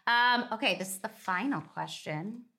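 A woman hosting a podcast interview, chatting like an excited fan, then reading her outro. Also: mid-range voice, normal speed. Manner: gushing, enthusiastic fan. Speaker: podcast host. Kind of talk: casual interview and scripted outro.

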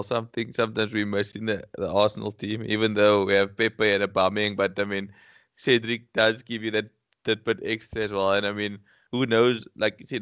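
A man's voice: lowish voice, a bit bright, clean tone, dry recording, dull audio. A man co-hosting a casual football podcast, thinking aloud with frequent hesitations and restarts. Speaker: podcast co-host.

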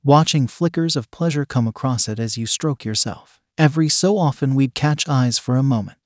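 A man with a mid-range voice narrates a scripted erotic story, slow, even and intimate. The recording is dry and close-miked, with no room echo. His pitch sits at an ordinary middle level.

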